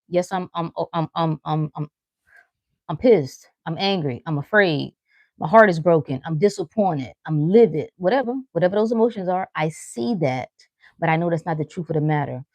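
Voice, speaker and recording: Low-voiced woman giving casual motivational talk. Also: darkish tone, dry recording. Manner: earnest, repetitive affirmations spoken aloud. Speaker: host of a live stream answering chat.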